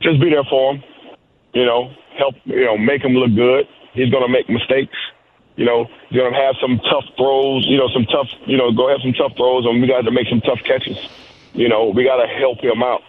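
A man's voice: mid-range voice, little pitch movement, normal speed, slight background noise. A man, a coach and guest, answering interview questions casually with lots of "you know" and repeated words. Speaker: wide receivers coach, guest. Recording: tinny phone-like line.

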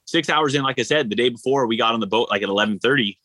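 Casual, bright-voiced male athlete storyteller. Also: medium pitch, rapid-fire, no echo, rough recording. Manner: animated, rambling, filler-heavy storytelling. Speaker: ultra-endurance athlete guest.

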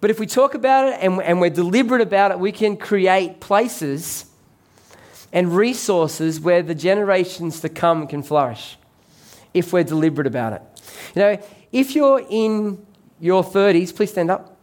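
A man's voice: sits high, moderate pace, a little mellow. A man preaching a sermon as pastor, conversational and joking with the congregation.

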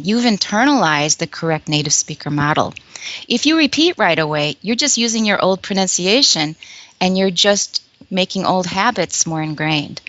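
An English professor appears as an interview guest, patiently demonstrating a language learning method and repeating short phrases for the listener. Her voice is on the low side and a bit bright, with the highs cut off.

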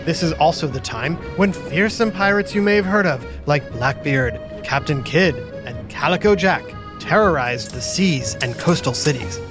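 A man's voice: a little high, lively intonation, normal speed, few pauses, music in the background. A man hosting an educational podcast for children, playful and explanatory. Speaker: host. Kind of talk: educational kids podcast narration.

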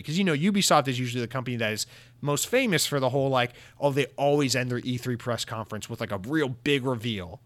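A young man giving a sarcastic, profane rant as a gaming commentator, mocking companies with quick impressions. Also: medium pitch, fairly bright tone, dry recording. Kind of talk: ranting video commentary.

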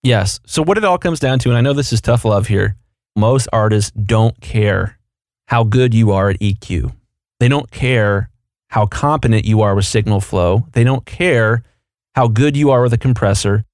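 A man's voice: lowish voice, moderate pace, a little mellow, no room sound, clean studio sound. A man co-hosting a podcast, explaining and coaching in casual chat. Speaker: podcast co-host.

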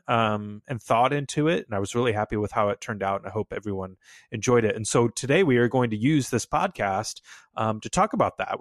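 A man hosting a casual music podcast, talking in a relaxed way with lots of fillers. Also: medium pitch, no room sound. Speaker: podcast host.

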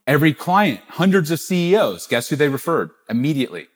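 A middle-aged man, a podcast guest, telling a business story with animated quoted dialogue. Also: on the high side, brisk. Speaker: guest, gift-giving business founder.

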